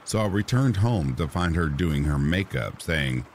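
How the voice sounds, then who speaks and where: A man with an extremely deep, low voice reads true ghost stories in a slow, soothing bedtime manner. A faint hiss sits under his voice. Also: big pitch swings. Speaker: horror story narrator. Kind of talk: calm sleep-story narration. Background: rain sounds.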